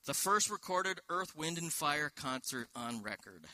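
A man's voice: fairly high pitch, very animated, a little slow, sharp tone, no echo. A man preaching a sermon in a church, walking through a scripture passage with rhetorical questions and quoted verses. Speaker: pastor.

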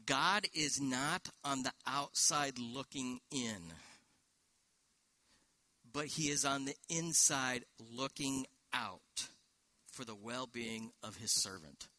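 Bright-voiced male preacher, dry close sound. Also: mid-range voice, slow pace, dry recording. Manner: expository preaching with rhetorical questions and quoted scripture. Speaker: pastor. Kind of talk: sermon.

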